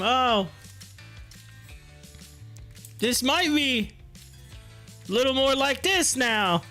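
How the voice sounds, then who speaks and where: A livestream host commenting on stock charts, laughing often and reading viewer comments aloud. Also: sits high. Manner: giggly, laughs often, excitable. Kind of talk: live-streamed market commentary with chat reading.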